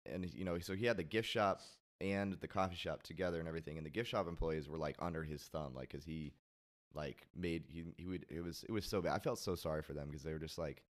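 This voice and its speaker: A man with a low, deep voice, chatting as a guest on a talk show. He rambles through his story with plenty of fillers and the odd swear word. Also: fast talker. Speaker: podcast guest. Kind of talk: casual chat.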